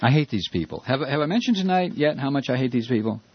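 An American man hosts a political call-in radio show. His pitch swings widely through heated, sarcastic talk with many fillers. The voice is husky and the sound is dull and dry, like an old radio broadcast. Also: lively intonation, fast. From United States. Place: Georgia, United States.

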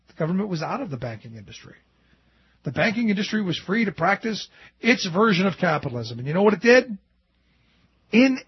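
A male radio host rants about politics in a high, raspy voice. He is animated and sarcastic and mocks his opponents. The sound is dull and lo-fi, dry and close. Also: brisk, no room sound. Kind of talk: political commentary talk show.

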